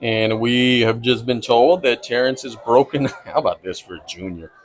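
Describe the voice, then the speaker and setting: A man calling play-by-play for a high school football game, brisk and easygoing, chuckling now and then. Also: poor audio. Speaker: play-by-play announcer.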